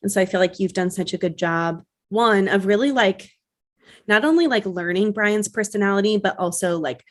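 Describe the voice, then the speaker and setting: A woman's voice: medium pitch, normal speed. A woman in her thirties co-hosting a podcast, chatty and earnest, often restarting her sentences in casual conversation. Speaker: podcast co-host. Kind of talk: casual chat.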